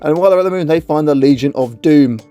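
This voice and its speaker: A man's voice: a little high, quick pace, mellow, soft background music. Sarcastic man recapping a cartoon film. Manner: crude, mocking, playful voice-over. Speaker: comedy video narrator.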